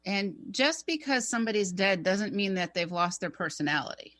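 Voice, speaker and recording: A woman's voice: mid-range voice, normal speed. A middle-aged woman co-hosting a radio talk show, telling a personal story in a chatty, rambling way. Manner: animated, chatty, rambling with fillers.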